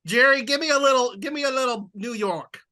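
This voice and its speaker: Bright, upbeat man hosting a sports podcast. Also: very high-pitched, fairly quick. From Texas. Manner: upbeat, laughs often. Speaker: podcast host. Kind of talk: casual sports chat.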